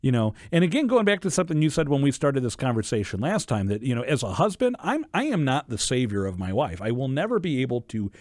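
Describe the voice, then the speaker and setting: Animated, earnest male radio host. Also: medium pitch, fast talker, hardly any pauses, no room sound, clean studio sound. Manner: earnest, reflective, animated storytelling. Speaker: host of a Catholic radio talk show. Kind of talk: conversational faith radio talk.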